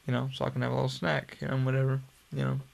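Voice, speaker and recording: Speaking at a racing pace in a monotone, gravelly mid-range voice, a young man hosts a podcast. He spins out a long story casually, swearing freely and rambling in a relaxed way.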